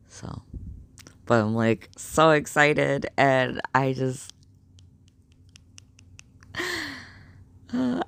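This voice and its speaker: A young man telling a story in a casual vlog, rambling and excitable with lots of fillers. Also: mid-range voice, vocal fry, no echo. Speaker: vlogger.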